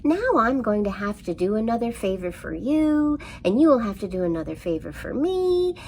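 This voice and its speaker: A woman voicing a small, fussy male mouse who bickers in a high, rapid voice. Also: very animated, a little mellow, slight background noise. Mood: annoyed.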